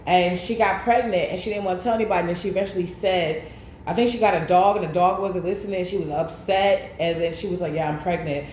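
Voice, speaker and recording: A woman tarot reader in casual chat, telling stories in an animated way with slang. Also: on the low side, fast talker. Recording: echoey room with faint noise.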